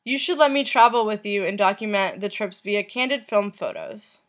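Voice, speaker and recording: A woman vlogger reads messages aloud at a middle pitch. Her delivery is soft and unhurried, and her voice trails off at the end of lines.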